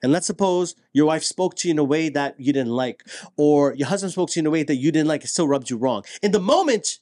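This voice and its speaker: Man, quick animated talk, higher voice, dry close sound. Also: dry recording. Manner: animated, acts out quoted dialogue. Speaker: guest. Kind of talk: casual podcast conversation.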